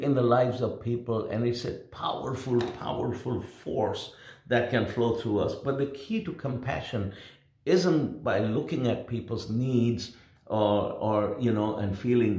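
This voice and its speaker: A man's voice: medium pitch, unhurried, darkish tone, roomy sound. A man in his sixties preaching, telling a personal story in an earnest, emotional way, often repeating himself. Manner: earnest, repetitive, emotional retelling with restarts. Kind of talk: sermon storytelling.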